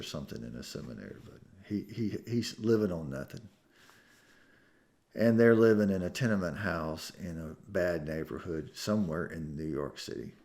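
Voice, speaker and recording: A man preaching a sermon, telling a story with emotion and swinging from hushed tones to loud climaxes. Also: low voice. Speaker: pastor. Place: church sanctuary.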